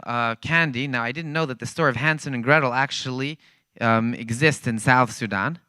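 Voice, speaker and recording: A man's voice: mid-range voice, normal speed, sharp tone, smooth, dry recording. A man telling a story to a church congregation, acting out the dialogue as he goes. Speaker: guest speaker at a church.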